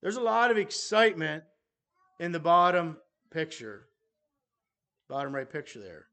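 Halting, measured male preacher. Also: fairly high pitch, very animated, a bit bright. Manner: measured, halting delivery with restarts and pauses. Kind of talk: sermon.

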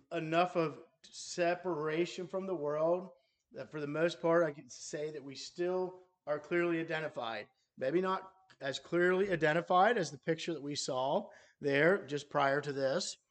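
A man preaching a sermon to a congregation in a measured, halting way, pausing and restarting his phrases. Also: fairly high pitch.

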